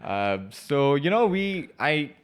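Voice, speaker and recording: A man's voice: a little high, very animated, slow pace, clear, resonant tone. A man in his thirties from South Mumbai with a South Mumbai English accent, co-hosting a casual podcast discussion in an emphatic, indignant way, full of "like" and "bro". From South Mumbai, India. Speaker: podcast co-host.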